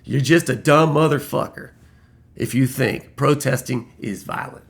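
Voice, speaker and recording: Heated vlogger man, gravelly voice, swears freely and hammers points home. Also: mid-range voice, measured pace. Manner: heated and profane, repeating lines for emphasis. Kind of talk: angry political rant.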